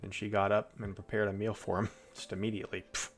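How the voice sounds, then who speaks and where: A man's voice: fairly low pitch, little pitch movement, fast talker. A man streaming, reading Bible passages aloud and breaking off into chatty, loose asides. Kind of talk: casual Bible reading with commentary.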